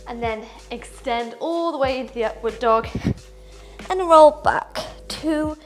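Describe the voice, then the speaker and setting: Young female yoga instructor, high and bright, cueing poses and counting breaths over faint music. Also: measured pace. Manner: upbeat, counts breaths aloud while moving through poses. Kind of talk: guided yoga class instruction.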